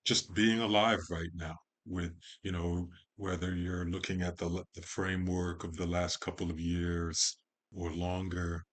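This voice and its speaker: Slow, deep-voiced man speaking poetically. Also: flat delivery, a bit bright. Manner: measured, poetic, lingering on lists of words. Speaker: podcast guest. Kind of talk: slow reflective conversation.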